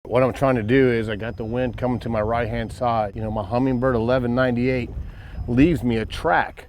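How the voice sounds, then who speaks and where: A man, a fishing guide hosting his show, giving excited folksy commentary from a boat outdoors while talking to viewers. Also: medium pitch, a little hiss or hum. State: breathing hard.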